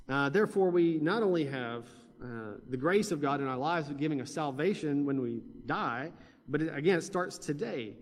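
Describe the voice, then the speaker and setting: A man's voice: a little high, lively intonation, normal speed. A man preaching a sermon in a conversational way, with fillers and restarts. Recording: long hall reverb.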